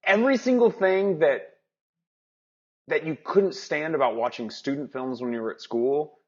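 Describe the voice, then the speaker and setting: A man's voice: fairly high pitch, moderate pace. A man co-hosting a casual movie review podcast, rambling, restarting his sentences and laughing often. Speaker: podcast co-host. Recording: dull lo-fi podcast audio.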